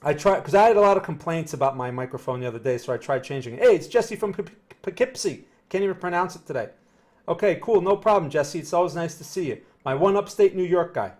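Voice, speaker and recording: A man's voice: on the high side, animated, fast talker, darkish tone. Chatty New Jersey man, market talk. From northern New Jersey. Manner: conversational, repeats himself, reads chat aloud. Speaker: market analyst streaming live. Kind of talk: live market commentary, chatting with viewers.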